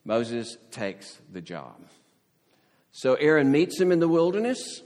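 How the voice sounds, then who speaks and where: A man preaching a sermon as pastor, telling the story with lively expression and acting out the quoted voices. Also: on the high side, slow, big-room sound. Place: church sanctuary.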